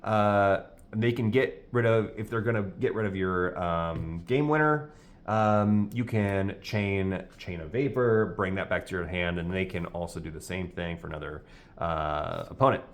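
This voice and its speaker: A man in casual chat, reading card names slowly with frequent "uh"s and hesitations. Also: deep voice. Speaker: co-host opening card packs.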